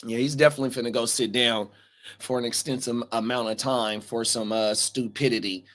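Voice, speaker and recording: A man's voice: mid-range voice, steady tone, a little fast, fairly bright tone. A man co-hosting a casual podcast, talking bluntly in slang and reading viewer comments aloud. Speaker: co-host.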